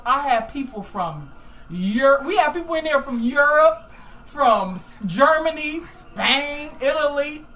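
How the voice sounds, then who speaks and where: A woman hosting a group call, telling a story in a loud, emotional, animated way. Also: high-pitched, rough recording. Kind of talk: casual storytelling chat.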